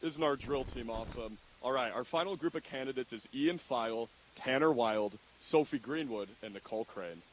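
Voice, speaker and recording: A man announcing candidates at a school assembly, reading jokey introductions in a deadpan way. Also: mid-range voice, moderate pace, hardly any pauses, poor audio. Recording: faint hiss.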